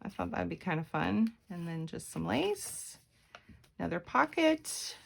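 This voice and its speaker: A woman's voice: fairly low pitch, sing-song, a little slow, creaky, a little hiss or hum. A woman showing a handmade journal on camera, chatty and meandering, with frequent ums and self-corrections. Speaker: craft vlogger. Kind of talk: casual craft flip-through.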